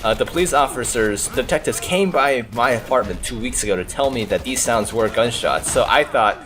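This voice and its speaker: A man, a gaming channel host, telling a story in a chatty, animated way, full of "like" and "uh". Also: medium pitch, fairly quick, a little hiss or hum. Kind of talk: casual storytelling over gameplay. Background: faint background music.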